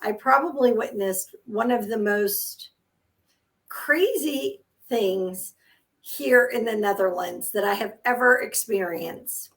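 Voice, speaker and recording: A woman co-hosting a casual chat, telling stories in an animated way with quick laughs. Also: medium pitch. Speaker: co-host. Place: lives in the Netherlands.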